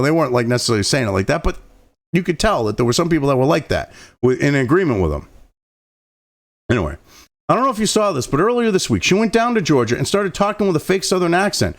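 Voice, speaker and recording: Gravelly, swooping, foul-mouthed male ranter. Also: medium pitch. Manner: profane and mocking, with frequent outbursts; stumbles and restarts while reading aloud. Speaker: political commentary host. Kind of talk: ranting commentary over a read-aloud article.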